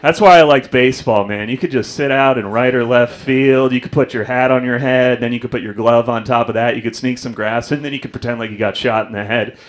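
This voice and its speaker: A man's voice: steady tone, a little fast, hardly any pauses. A young adult man doing a stand-up comedy set on a club stage, telling stories and acting out other people's voices. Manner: storytelling, acts out voices with big pitch jumps.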